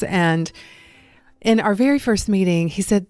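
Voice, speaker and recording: A woman's voice: mid-range voice, a little slow, a little mellow, faint music behind. A woman hosting her own podcast, talking in a chatty, upbeat, personal way. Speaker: podcast host. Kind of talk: casual solo podcast talk.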